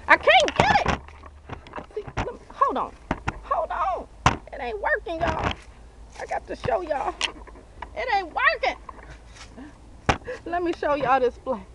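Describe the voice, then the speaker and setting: A young woman vlogging outdoors on a handheld camera, ranting with loud outbursts and dramatic repetition. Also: very high-pitched, big pitch swings, unhurried, pauses often, heavy background noise. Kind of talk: animated comic vlog rant. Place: outdoors by a car.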